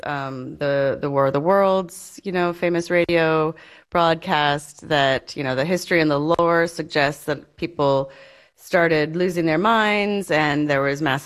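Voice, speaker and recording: A woman researcher explaining her work in an interview, quick and fluent with occasional fillers. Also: deep voice. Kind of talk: conversational interview answer.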